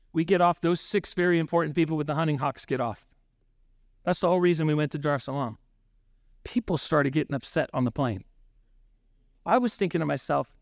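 In a clean, dry studio recording, a pastor with a slightly high voice preaches in a conversational, story-driven way. He keeps asking "right?" and acts out snippets of dialogue.

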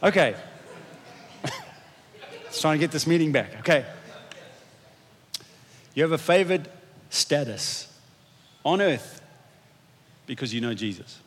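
A man's voice: fairly high pitch, animated, slow pace, long pauses, a bit bright, slightly rough, big-room sound. A man preaching a sermon as pastor in a conversational, self-deprecating way, with frequent restarts. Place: church hall.

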